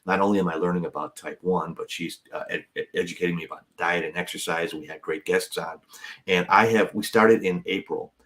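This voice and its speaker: Low-voiced joking man telling a story. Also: fairly even intonation, fairly quick, a bit bright. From United States. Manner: jokey, self-deprecating, acts out other people's lines. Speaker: podcast co-host, comedian. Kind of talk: casual storytelling chat.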